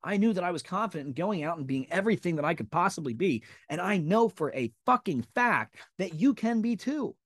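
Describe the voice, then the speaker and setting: A man's voice: high voice, big pitch swings, fairly quick, hardly any pauses, fairly bright tone, dry recording, clean studio sound. A man in his thirties hosting a podcast, giving an intense, profane and emphatic motivational monologue. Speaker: podcast host.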